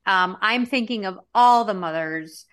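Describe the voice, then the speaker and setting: A woman's voice: medium pitch, unhurried, fairly bright tone. A woman co-hosting a podcast in enthusiastic, earnest casual chat. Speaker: podcast co-host.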